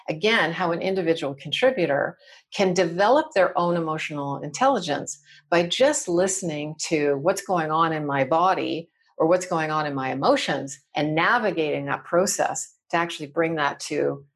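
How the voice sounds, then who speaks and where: A woman's voice: sits low, slightly rough. A woman explaining workplace communication as a podcast guest, acting out example phrases as she goes. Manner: animated, acts out example phrases. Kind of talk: conversational teaching.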